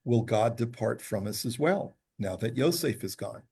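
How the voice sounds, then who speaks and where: A man's voice: mid-range voice, expressive, moderate pace, vocal fry, dark tone, husky. A man teaching a Torah class, reading Hebrew passages aloud and then patiently explaining them.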